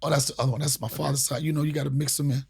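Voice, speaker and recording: Talking rapid-fire in a gravelly, slightly rough, somewhat high voice, a podcast host from around Washington, D.C. tells a long, profane story. It's casual talk, and he brings it to life by acting out voices.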